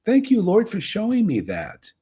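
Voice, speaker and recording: A man's voice: high voice, huge pitch swings, normal speed, warm tone, slightly rough. A man giving a rambling, casual devotional talk as a spiritual teacher.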